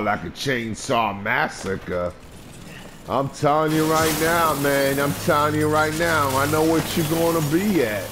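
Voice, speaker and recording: A man's voice: medium pitch, noisy background. A man trash-talking and taunting through a let's play, cursing and repeating short phrases over and over. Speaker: gamer.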